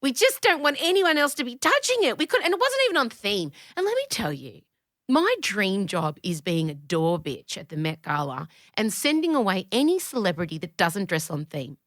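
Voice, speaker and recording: Lively, bright-voiced Australian woman. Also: medium pitch, moderate pace, dry recording, clean studio sound. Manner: animated, opinionated, swears freely, jumps between tangents. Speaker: podcast host; comedian. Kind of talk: casual podcast chat.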